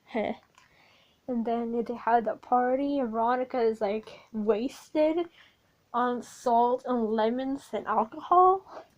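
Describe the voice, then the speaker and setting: High-voiced woman recapping casually. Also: slow, lo-fi sound. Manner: rambling, informal, swears, many fillers. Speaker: video creator. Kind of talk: casual plot recap over a speedpaint.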